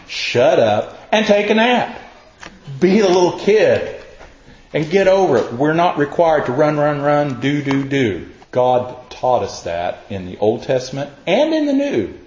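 A man's voice: mid-range voice, a little mellow. Man, folksy sermon, homey storytelling, acts out quoted voices, echoey room, dull lo-fi sound. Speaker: preacher. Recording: roomy, dull lo-fi recording.

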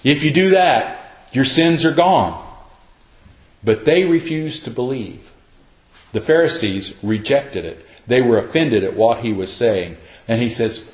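A man's voice: medium pitch, expressive, unhurried. A man preaching in a folksy, conversational way, explaining scripture and acting out quotes. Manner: folksy, repeats himself, acts out quotes. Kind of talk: conversational Bible teaching. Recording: roomy, slightly dull sound.

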